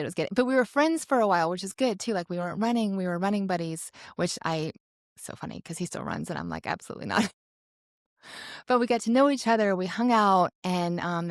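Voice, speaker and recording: Chatty woman telling a story, low voice. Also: no room sound, studio quality. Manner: chatty, animated storytelling with quoted asides. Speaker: podcast co-host. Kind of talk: casual storytelling chat.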